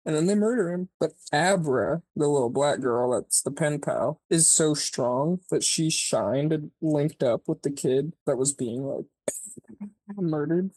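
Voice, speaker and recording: A podcast co-host casually retelling a movie plot, rambling and swearing, filling every pause with "like" and acting out the characters' lines. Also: mid-range voice, lively intonation, darkish tone, breathy edge, no echo. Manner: rambling, profane, peppered with "like"; acts out characters' lines mid-story.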